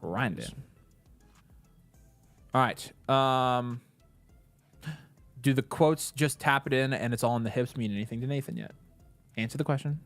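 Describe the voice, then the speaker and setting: A man's voice: medium pitch, a little slow, long pauses, fairly bright tone, faint music behind. Loose, joking male livestream host. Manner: loose, joking, reads chat and thanks viewers. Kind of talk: casual livestream chat.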